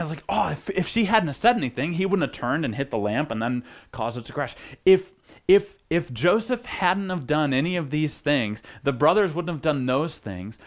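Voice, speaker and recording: A man preaching as a pastor, teaching in a casual way with joking asides and frequent restarts. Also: on the high side.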